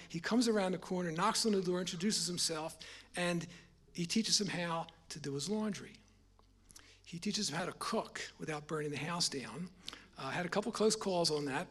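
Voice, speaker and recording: A middle-aged man preaching a personal testimony sermon, halting and repeating his words, rising in volume on key points. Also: fairly high pitch, a bit bright, breathy edge.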